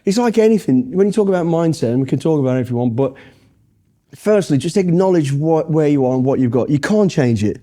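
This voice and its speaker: A man's voice: on the high side, expressive, fast talker, dark tone. Blunt, swearing middle-aged British man. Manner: blunt, heavy swearing, rambling anecdotes. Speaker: guest, former special forces soldier. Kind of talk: casual storytelling interview.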